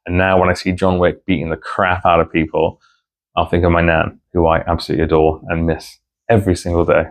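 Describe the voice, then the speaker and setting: A man's voice: low voice, level tone, fairly quick. A man vlogging about books in a rambling, heartfelt casual chat to camera. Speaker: book vlogger.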